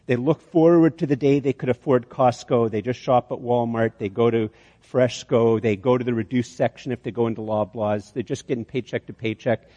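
A man's voice: medium pitch, fairly even intonation, brisk, mellow, dull audio. A man preaching a sermon, telling an illustration story and often restarting phrases. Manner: storytelling, repeats words on restarts. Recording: long hall reverb.

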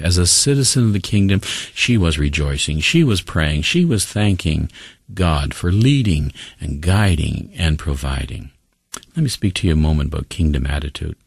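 Deep gravelly preaching man. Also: no room sound, studio quality. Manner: earnest, repetitive preaching cadence. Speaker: pastor. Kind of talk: sermon.

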